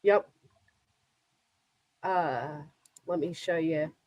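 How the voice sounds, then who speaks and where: A woman's voice: deep voice, drawn-out words, a little mellow, no echo, dull audio. A woman YouTuber in a casual guest chat, recorded close and dry. She speaks with easy confidence as she walks through what's on her screen.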